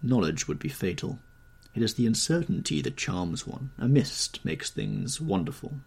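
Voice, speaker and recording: A man voicing a witty, cynical aristocratic gentleman who drawls amused epigrams, in an audiobook reading. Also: mid-range voice, big pitch swings, normal speed, creaky, breathy edge, pitched above the performer's own voice, full character voice.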